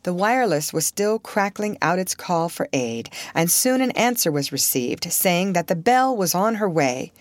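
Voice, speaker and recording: Low, even-toned woman narrator for a dry audiobook read. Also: normal speed, few pauses, dry recording.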